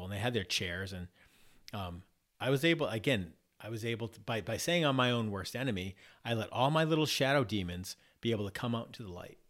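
On a casual podcast, a male guest whose voice is on the low side with a fairly bright tone reflects aloud. He tends to restart and repeat words as he works out his thoughts.

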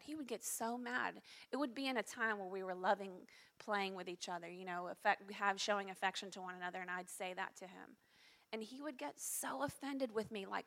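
A middle-aged woman pastor preaching a sermon in an earnest, confessional way, dropping to hushed tones at times. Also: medium pitch, normal speed.

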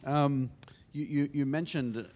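A man's voice: on the high side, fairly even intonation, slow, darkish tone. A man calls out a question from the audience. He is hesitant and restarts his words. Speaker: audience member asking a question. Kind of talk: question from the floor.

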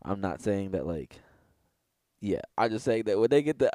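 A man's voice: lowish voice, big pitch swings, moderate pace, warm tone, dry recording. A young man co-hosting a podcast, rambling casually with swearing and frequent self-interruptions. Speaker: podcast co-host. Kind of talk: casual chat.

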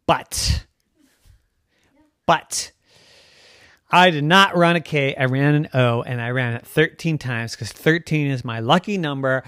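A storyteller voicing a bold, stubborn little girl of almost six, in a high, chirpy, emphatic voice. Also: a little slow, pauses often, a bit bright, no echo, studio quality, natural voice.

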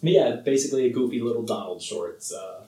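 A man's voice: medium pitch, fast talker, dark tone, recorded from a distance. A man co-hosting a podcast, rambling casually about a film with lots of fillers and laughs. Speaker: podcast co-host. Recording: roomy sound from off the mic.

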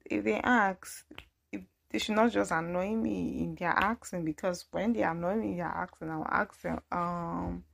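A woman's voice: fairly low pitch, steady tone, a little slow, creaky. A young Nigerian woman with a Nigerian accent, chatting playfully and laughing often as she reacts to replies. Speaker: podcast host. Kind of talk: casual chat.

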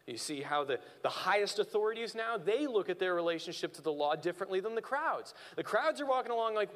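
A male pastor preaching a sermon and acting out quoted voices in an animated way. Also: high voice, a little fast, long reverb tail.

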